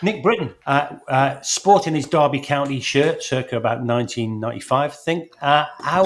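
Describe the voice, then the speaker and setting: A man's voice: medium pitch, normal speed, few pauses. Male podcast host, chatty and jokey, loose delivery full of fillers. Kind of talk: casual sports podcast chat.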